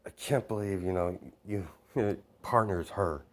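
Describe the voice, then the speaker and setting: A man's voice: sits low, measured pace. A man doing an irritated teenage girl.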